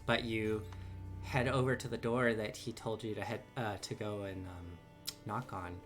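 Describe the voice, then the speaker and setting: A woman narrating a tabletop game as game master, halting with many fillers and restarts. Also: extremely low pitch, steady tone. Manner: halting, full of ums and restarts. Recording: music bed behind.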